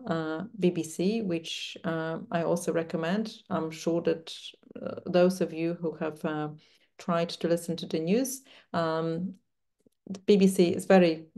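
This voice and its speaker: English woman teacher chatting through tips, slightly low voice, lots of little pauses. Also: gravelly, mellow. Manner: conversational, hesitant, frequent pauses. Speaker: language teacher and trainer. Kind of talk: online teacher-training talk.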